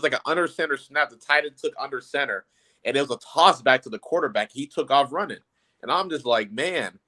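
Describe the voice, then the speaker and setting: A mid-pitched man on a football podcast. He talks in an easygoing, meandering way, padding his points with "you know.". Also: sharp tone. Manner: laid-back, lots of "you know" fillers. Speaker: podcast co-host. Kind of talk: casual sports podcast chat.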